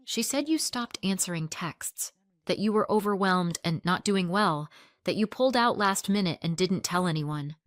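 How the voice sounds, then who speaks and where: Sympathetic school mom, hesitant and concerned, read by a woman, a little higher, dry sound. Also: animated, moderate pace, dry recording, close to an everyday voice. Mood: hesitant sympathy. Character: kind, worried woman, a fellow school mom.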